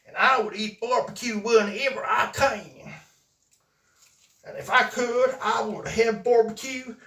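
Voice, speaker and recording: A man putting on a Southern American accent to play a loud, boastful man who craves barbecue, drawling and hollering. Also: extremely high pitch, vocal fry, pitched above the performer's own voice, heavily acted. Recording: roomy echo, distant mic.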